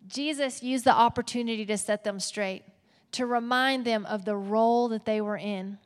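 A woman's voice: on the high side, moderate pace, clear, resonant tone. Texas woman preaching in a reverberant hall. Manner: animated, playful asides. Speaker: pastor. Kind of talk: sermon. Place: church auditorium.

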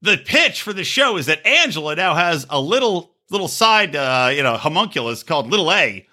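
A man with a bright, ringing voice that sits high and swings all over the place. He tells rowdy, crude stories over a video call and keeps them lively. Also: moderate pace. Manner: rowdy, crude, animated storytelling with put-on voices. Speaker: podcast co-host. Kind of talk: casual chat.

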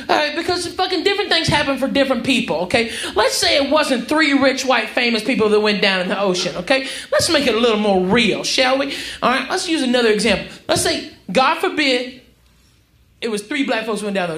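A male stand-up comedian performing a brash, profane, mocking set on a comedy club stage, shouting his punchlines. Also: extremely high pitch, expressive, fairly quick. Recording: live club recording, roomy, crowd noise. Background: audience laughter.

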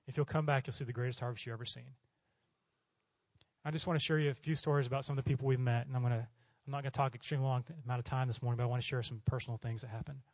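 Speaking rapid-fire in a mid-range voice with no echo, a middle-aged Oklahoma man preaches as a missionary. His sermon is built on stories, and he animatedly performs the voices of the people in them.

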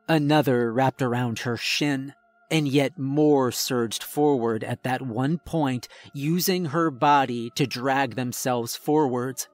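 A man's voice: on the high side, dry recording. A man narrating a first-person horror story in a dramatic, tense storytelling manner.

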